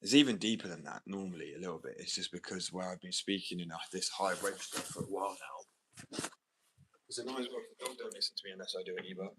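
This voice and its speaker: Deep-voiced man rambling off-mic. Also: fast talker, slight background noise. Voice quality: naturally deep voice, mumbly when relaxed. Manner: rambling, swears casually, loops back on his point. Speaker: fingerboard streamer. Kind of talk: casual live-stream chat. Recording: built-in mic, a little distant.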